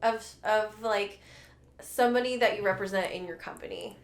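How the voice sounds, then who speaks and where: A woman hosting a podcast, chatting casually in halting, affirming phrases full of fillers. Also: mid-range voice. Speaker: podcast host. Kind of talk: casual chat. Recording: roomy echo.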